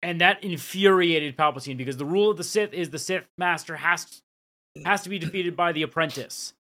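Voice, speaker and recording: A man's voice: fairly high pitch, brisk, sharp tone. A man co-hosting a podcast, casually recapping scenes and dropping the odd swear. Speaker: podcast co-host.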